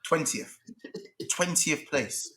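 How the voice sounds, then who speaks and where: A man's voice: a little high, slow pace, crowd noise. A young man, ranting about football in a heated, casual debate and repeating his points in frustration. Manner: exasperated, repetitive ranting. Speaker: football fan panelist.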